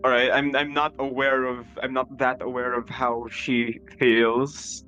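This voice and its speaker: A man's voice: medium pitch, level tone, a little slow, pushed and bright, muffled recording, soft background music. A man playing a tabletop game, chatting casually and describing his character's actions. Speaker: player. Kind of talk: casual tabletop play talk.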